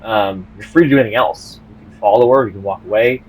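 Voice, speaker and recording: A man's voice: fairly low pitch, fast talker, low-quality recording. A man narrating as game master of a tabletop game, hesitant, with lots of ums and restarts.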